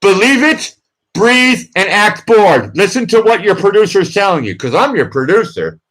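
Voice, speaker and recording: In a sing-song voice at a moderate pace, a Boston-accented host and producer coaches a nervous guest during a live chat pep talk. He repeats mantras emphatically, swinging loud and high on them.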